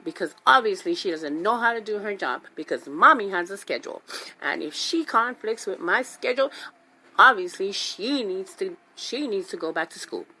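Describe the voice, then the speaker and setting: A radio talk-show host tells a personal story in a relaxed, animated way, acting out every voice and repeating herself to stress points. Her voice is medium-pitched with a breathy edge, at a moderate pace.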